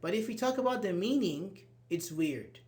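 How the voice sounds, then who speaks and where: Fairly high-voiced man teaching grammar. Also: animated, normal speed, darkish tone. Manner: explains step by step, repeating examples. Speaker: English teacher. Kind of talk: live online grammar class.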